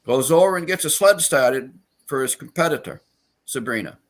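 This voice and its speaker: A man with an ordinary mid pitch, chatting as a guest on a live show. He tells his stories in a halting way, restarting his sentences, and keeps circling back to his point. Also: animated. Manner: rambling storyteller, halting with restarts. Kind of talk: casual chat.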